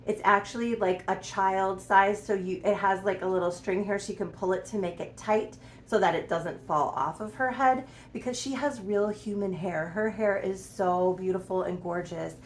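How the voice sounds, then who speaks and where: A woman's voice: medium pitch, normal speed, few pauses. A young woman chatting casually to camera about her doll collection in a room at home, giggly and doting, often talking sweetly to her dolls. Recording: echoey room with faint background noise.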